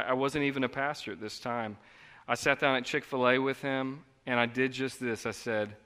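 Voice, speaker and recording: A man preaching a sermon in an earnest, conversational way, moving between quiet reflection and emphatic outbursts, in a church. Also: medium pitch, big-room sound. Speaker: pastor. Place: church sanctuary.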